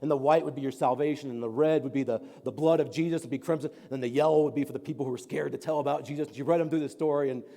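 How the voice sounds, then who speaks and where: A man's voice: medium pitch, fairly even intonation, very fast, gravelly, few pauses, mellow. A man, preaching a sermon as a pastor and telling a story in an earnest, rambling way with many fillers. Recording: long hall reverb.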